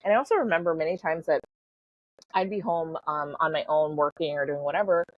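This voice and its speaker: Middle-aged woman guest, chatty storyteller, husky, dry, slightly dull lo-fi recording. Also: sits low, fairly quick, dry recording. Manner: chatty, full of "like" and "you know", laughs easily. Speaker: podcast guest, spiritual coach. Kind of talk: casual storytelling in an interview.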